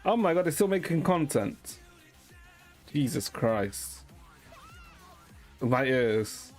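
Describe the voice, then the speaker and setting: A man streaming and chatting with viewers in a deadpan, rambling way, swearing now and then. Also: medium pitch, takes it slowly, soft background music. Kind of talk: casual chat with viewers.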